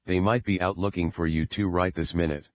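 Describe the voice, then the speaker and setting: A man voicing a calm, comforting middle-aged mother in an audiobook, in a steady low voice on a dull recording. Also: fairly quick, natural voice. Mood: reassuring.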